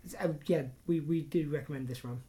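A woman's voice: deep voice, a little fast, mellow. A British woman co-hosting a podcast, chatty and self-deprecating with frequent giggles. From Britain. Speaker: podcast co-host. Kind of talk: casual podcast chat.

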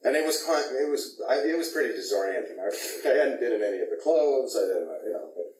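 A man's voice: medium pitch, expressive, fast, darkish tone. A male actor in an interview, animatedly telling a behind-the-scenes story and laughing often. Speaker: actor guest. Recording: roomy, distant mic, faint noise.

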